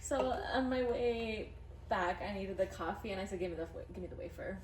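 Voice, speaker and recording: A woman's voice: mid-range voice, a little fast, echoey room, recorded from a distance, heavy background noise. A woman co-hosting a podcast, telling stories animatedly in casual chat with laughter. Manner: animated storyteller, laughing, acting out quotes. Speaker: podcast co-host.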